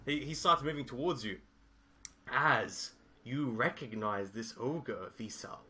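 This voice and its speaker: A man narrating as game master, telling the story in a lively, improvised way. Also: medium pitch, slow, slight background noise.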